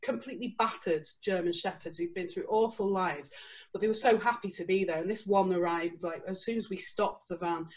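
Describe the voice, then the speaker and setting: A woman, a guest author telling a lively story and breaking into laughter and quoted voices. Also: on the low side, a little fast. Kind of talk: casual storytelling.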